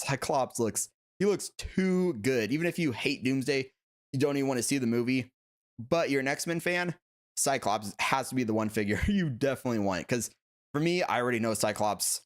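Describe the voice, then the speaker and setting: A talkative young man hosts a casual livestream and reacts to viewer comments as he goes. His voice sits at an ordinary middle pitch. He laughs easily and leans on filler words. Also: animated, brisk. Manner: chatty, laughs often, lots of "like" fillers. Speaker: host of a collectibles livestream.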